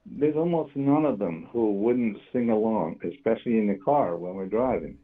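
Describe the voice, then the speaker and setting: A man's voice: lowish voice, moderate pace. An older man, a grandfather, calling in to a podcast and talking earnestly and reflectively. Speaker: caller. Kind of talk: casual chat. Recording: tinny phone line.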